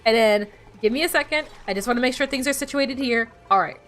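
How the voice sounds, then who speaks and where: A woman's voice: fairly high pitch, fast talker, fairly bright tone, faint music behind. A woman streamer chatting casually while playing, rambling and bossing her game characters around. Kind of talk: casual gameplay chat.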